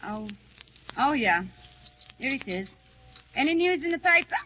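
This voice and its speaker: An actress playing a chatty, teasing working-class wife in a wartime air-raid shelter, in 1940s radio acting. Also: female voice, sits high, big pitch swings, a little slow, pushed and bright, heavily acted. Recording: muffled 1940 radio broadcast with hiss.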